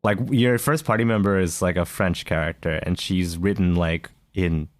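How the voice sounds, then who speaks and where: Deep-voiced man in hesitant casual chat. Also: moderate pace, dry recording, clean studio sound. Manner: hesitant, many fillers and restarts. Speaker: podcast co-host. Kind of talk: casual chat about video games.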